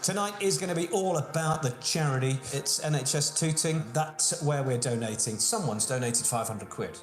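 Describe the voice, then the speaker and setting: A man's voice: fairly high pitch, moderate pace. A man hosting a live-streamed pub quiz, playful and cheeky, bantering with his audience. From Buckinghamshire, England. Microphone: phone. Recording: roomy room sound with faint music.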